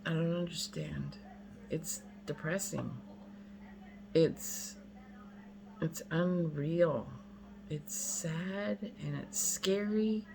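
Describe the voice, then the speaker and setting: A woman in her fifties ranting to camera, blunt and exasperated, hammering her points again and again. Her voice sits a bit low for a woman. A faint hum of ambience runs underneath. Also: extremely slow, gravelly, pauses often. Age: 50s. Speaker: vlogger. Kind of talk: casual rant to camera.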